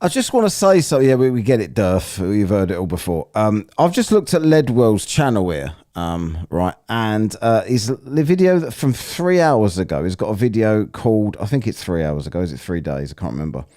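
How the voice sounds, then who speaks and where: A man's voice: on the low side, very animated, moderate pace, hardly any pauses, dark tone, no echo, studio quality. A man hosting a live stream, mocking clips and rambling bluntly as he browses. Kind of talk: casual commentary while browsing clips.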